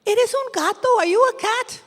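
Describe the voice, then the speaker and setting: A woman voicing timid little mouse children in a told story, with a high squeaky voice. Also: normal speed, big-room sound. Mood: frightened.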